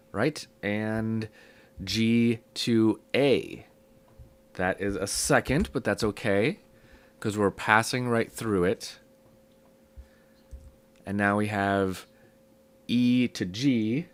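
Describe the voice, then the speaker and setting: Hoarse sick man teaching music theory. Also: on the low side. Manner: relaxed, explaining step by step with fillers. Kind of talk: casual classroom lesson.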